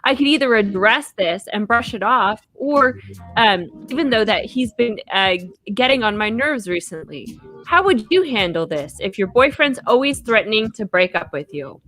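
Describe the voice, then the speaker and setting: A woman's voice: fairly high pitch, animated, normal speed, pushed and bright. A woman co-hosting a podcast in casual chat, reading listener letters aloud and laughing often. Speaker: podcast co-host.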